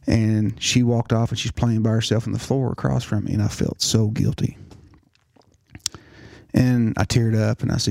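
A man's voice: lowish voice, level tone, moderate pace, gravelly, dark tone, no room sound, clean studio sound. A middle-aged man giving an earnest personal testimony, often restarting his words. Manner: earnest storytelling with repeated restarts. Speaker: nurse practitioner telling his story.

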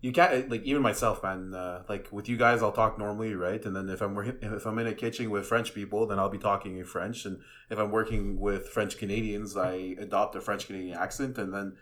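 Guest chef, male, 20s, low-pitched, blunt and offhand. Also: fairly even intonation, brisk, hardly any pauses. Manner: blunt, swears casually, quieter when musing. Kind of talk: casual chat.

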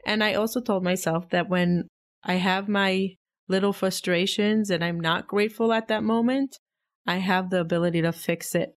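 A woman giving an earnest, self-reflective personal monologue. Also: medium pitch. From Israel. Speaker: vlogger.

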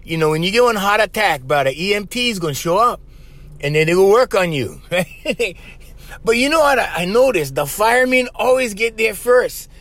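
A man's voice: sits high, expressive, normal speed, fairly bright tone. A man from Hawaii speaking Hawaiian Pidgin, hosting a casual solo podcast in a loose, joking way. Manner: loose and joking, lots of "bro" and laughter. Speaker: podcast host.

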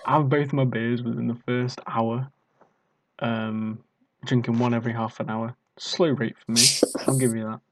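A man's voice: medium pitch, level tone, normal speed. A young British man casually telling a rambling, self-mocking party story. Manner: rambling, self-mocking, acts out drunk quotes.

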